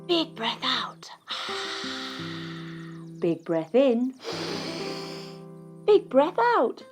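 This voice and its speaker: A woman telling a yoga story for children in an animated, sing-song and encouraging way. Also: mid-range voice. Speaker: kids yoga instructor and storyteller.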